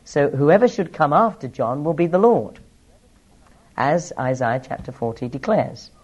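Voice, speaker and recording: A man's voice: on the high side, animated, measured pace, a little mellow, muffled recording. A man teaching through a Bible passage, explaining each verse with asides and small laughs.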